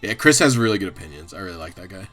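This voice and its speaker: A man's voice: low-pitched, lively intonation, racing, fairly bright tone. Guy streaming and rambling, swears a ton, laughs a lot, some faint music under him. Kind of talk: casual livestream chat.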